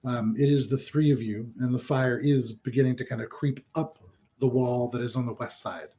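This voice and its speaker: A man serves as game master, describing a burning town at a tabletop game. His voice sits at an ordinary middle pitch. He narrates loosely, with frequent ums and kind ofs. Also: fairly even intonation, normal speed, dark tone. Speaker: dungeon master.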